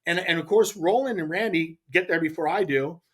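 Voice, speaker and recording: A middle-aged man from the US West Coast, a podcast guest telling a story in casual chat, lively and laughing, repeating words when excited. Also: on the high side, a little fast, slightly rough. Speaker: podcast guest, pro angler.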